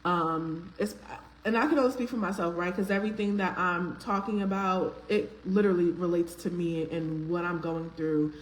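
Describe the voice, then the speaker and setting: A woman's voice: on the low side, steady tone, normal speed, low-quality recording. A woman, hosting a live faith-based talk stream, greeting viewers by name in a chatty way with frequent ums. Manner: uses casual slang, filler ums. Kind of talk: casual live-stream chat.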